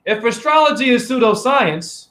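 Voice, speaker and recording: This man's voice is very high, animated, pushed and bright, moving at normal speed as he rants to his live-stream chat through a phone camera. He casts himself as a spiritual teacher, preachy and taunting, constantly asking rhetorical questions and "right?".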